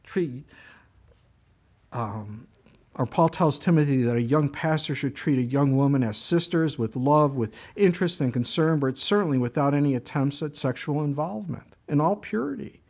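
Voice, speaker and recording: A man pastor preaching a sermon in a conversational storytelling way, with animated asides and high, strained bursts when he acts out his own complaining. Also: normal speed.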